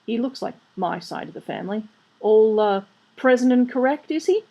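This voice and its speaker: A woman's voice: mid-range voice, normal speed, creaky, a little mellow. A woman voicing a mild, bewildered English father unsure of what is going on. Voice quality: doubtful, mild.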